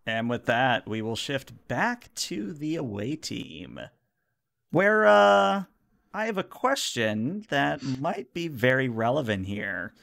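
A man's voice: mid-range voice, big pitch swings, slow pace, creaky, a bit bright. A man narrating a tabletop role-playing game as game master, casual with many fillers.

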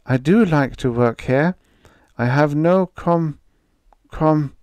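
A man's voice: medium pitch, slow pace, warm tone, clean tone, no room sound, pitched above the performer's own voice, natural voice. A man voicing a timid, frightened young woman factory worker with a faint voice.

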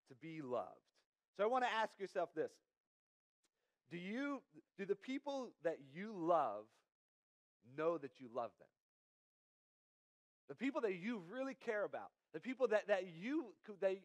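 A young male pastor preaches with a high, lively voice that leaps up and down as he tells stories. He mixes personal anecdotes with self-deprecating humor, and the sound is close and dry with hardly any room. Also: no room sound. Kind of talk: sermon. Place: church.

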